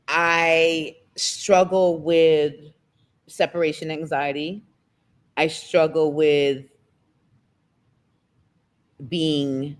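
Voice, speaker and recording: A woman, a guest talking candidly in an interview, emotional and close to tears, her pace speeding up and slowing down. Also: deep voice. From United States. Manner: emotional, expressive, quick shifts in pace. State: near tears.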